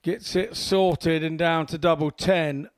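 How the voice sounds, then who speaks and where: A man giving live darts commentary in a gravelly, slightly high voice. His delivery is dry and matter-of-fact, broken by the odd wry aside. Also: fairly even intonation, slow, no room sound.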